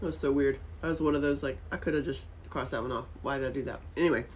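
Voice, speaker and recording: A woman's voice: a bass voice, very fast, darkish tone, slightly rough, poor audio. A woman from North Carolina with a Southern accent, chatting casually and rambling on a livestream. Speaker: livestream host.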